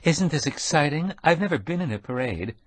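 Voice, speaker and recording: A man voicing an eager, excited young woman who drives a dog sled, chattering brightly. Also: fairly high pitch, fairly quick, dry recording, pitched above the performer's own voice. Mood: delighted.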